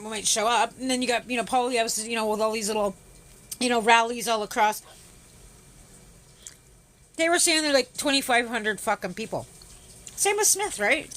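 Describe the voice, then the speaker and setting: A Canadian woman hosts a casual livestream, greeting her viewers while ranting sarcastically and swearing heavily. Her voice is fairly high-pitched with a fairly bright tone.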